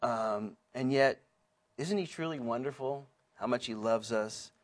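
A man's voice: medium pitch, unhurried. A man teaching a Bible study in a chatty, earnest way, full of asides and restarts. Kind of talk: conversational sermon.

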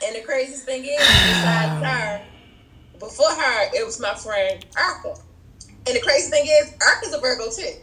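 High-voiced woman telling stories. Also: normal speed, reverberant, low-quality recording. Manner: animated storyteller, acts out friends' voices. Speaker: podcast guest. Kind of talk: casual chat.

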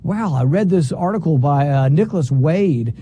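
A man's voice: a little high, expressive, normal speed, dark tone, slight background noise. A man speaking as a senator in an interview, telling his account in an emphatic, indignant way. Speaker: senator, author interviewed as guest. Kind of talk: interview answer.

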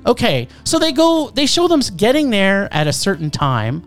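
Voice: mid-range voice, huge pitch swings, normal speed, soft background music. A film reviewer ranting in casual chat, swearing and talking over the others as they list what annoyed them. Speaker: movie reviewer.

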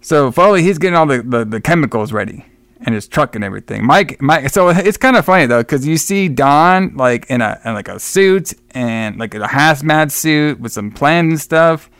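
A slightly high, animated and a bit bright male voice speaks at normal speed in a dry recording. He's a podcast co-host casually walking through a horror film's plot, rambling with frequent restarts and repeated words.

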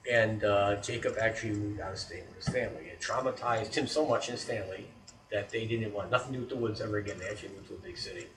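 A man's voice: lowish voice, fairly even intonation, fast. A man telling a creepy story in casual talk, acting out the scenes with sound effects and often checking in with "right?". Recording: roomy echo, distant mic, faint background noise.

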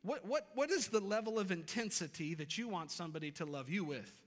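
A man in his thirties preaches from a church sanctuary, earnest, emphatic, and repeating key lines. High-pitched with lively intonation, he talks a little fast. The recording echoes like a reverberant hall.

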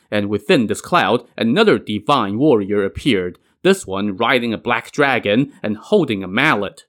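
A man's voice: mid-range voice, fairly bright tone. Man casually retelling an old epic. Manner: conversational, with casual asides. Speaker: storyteller, podcast host. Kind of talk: casual narration of a classic novel.

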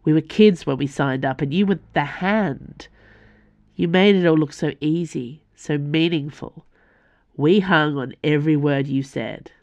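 A woman's voice: low-pitched, unhurried, darkish tone, dry recording. A woman voicing a furious young male assassin whose voice trembles with anger as he accuses a former mentor. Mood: angry.

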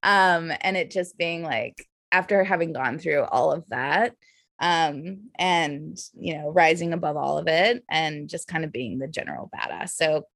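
A woman's voice: low-pitched, unhurried, creaky, fairly bright tone, no echo, clean studio sound. A woman from the Bay Area with a Californian accent, a podcast guest who talks casually and effusively with many fillers, sounding a little tipsy. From San Francisco Bay Area. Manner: bubbly, filler-heavy, effusive.

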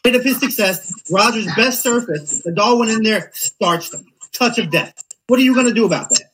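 A husky, high-voiced man in a heated sports argument. He talks over his opponent and hammers the same points again and again. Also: moderate pace, a bit bright, rough recording.

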